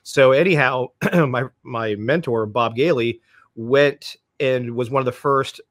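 A man's voice: medium pitch, unhurried, a bit bright, dry recording, clean studio sound. A man, a podcast guest who tells long, rambling anecdotes and acts out the voices of people he quotes. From Florida, United States. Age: 50s. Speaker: podcast guest, police dog trainer. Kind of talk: casual storytelling.

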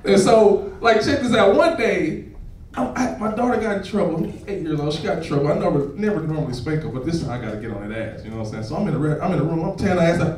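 A man performing a profane stand-up comedy set on a club stage, laughing and shouting as he tells stories. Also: sits high, lively intonation, quick pace. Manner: loud, laughing, profane storytelling to a crowd. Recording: echoey club recorded from far off.

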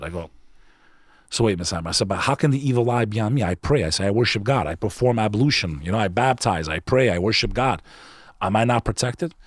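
A man's voice: lowish voice, dry recording, clean studio sound. A man in his forties from New York, a podcast guest telling a personal story in casual chat, earnest and confessional, calling the listener bro. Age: 40s.

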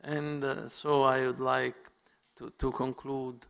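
Slow gravelly man closing a talk. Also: medium pitch, flat delivery, a bit bright. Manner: measured, with hesitant fillers. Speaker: conference speaker. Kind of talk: formal conference talk.

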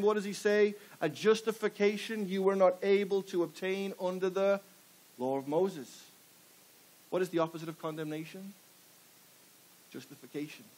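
A man's voice: sits high, fairly even intonation, moderate pace, a little mellow, low-quality recording. A man preaching a sermon to a congregation, firing rhetorical questions and pushing for call-and-response answers. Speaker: pastor. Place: church before a live congregation.

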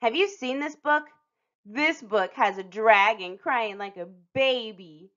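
A woman reading a picture book aloud to children as a storytime host, expressive and lingering on some phrases with dramatic pauses. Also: on the high side. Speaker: storytime reader. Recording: dull lo-fi recording.

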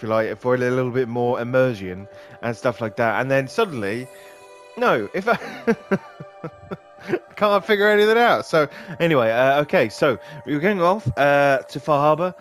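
A man rambling and joking as he commentates a video game, swearing and laughing often. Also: mid-range voice. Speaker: gaming channel host. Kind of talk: let's play commentary.

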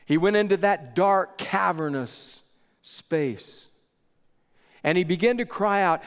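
Slow, echoing preacher in a church. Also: male voice, high voice, smooth. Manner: measured, storytelling delivery with dramatic pauses. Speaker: pastor. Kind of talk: sermon. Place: large church sanctuary. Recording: echoey church hall with long reverb.

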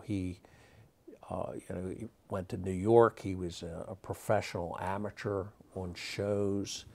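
A man's voice: low-pitched, gravelly, a little mellow. A man, a magic historian, telling anecdotes in an interview, rambling with many fillers. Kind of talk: interview storytelling.

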